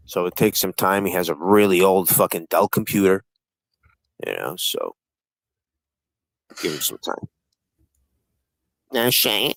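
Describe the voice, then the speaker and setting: A man hosting a live-stream panel in casual chat. He swears constantly and needles the other guests with rapid-fire questions. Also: lowish voice, no room sound, low-quality recording.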